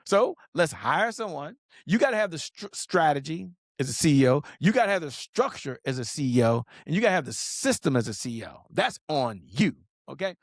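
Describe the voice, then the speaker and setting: A man's voice: a little high, sing-song, a little fast, dry recording, studio quality. A man giving an emphatic sales talk as a business coach, often asking "okay?" and speaking straight to the viewer. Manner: emphatic, repeats "okay?", direct address to viewers. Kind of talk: animated sales teaching.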